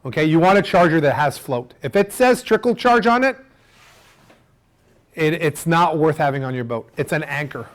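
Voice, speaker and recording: A middle-aged man giving an animated seminar on marine electrics, using food analogies and acting out what customers say. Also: a little high, moderate pace. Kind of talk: lively technical seminar talk.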